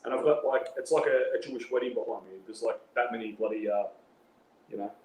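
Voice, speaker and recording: A man's voice: medium pitch, fairly even intonation, quick pace, a little mellow. An Australian man telling a long story in casual chat, rambling and full of slangy filler tags. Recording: roomy with faint background noise.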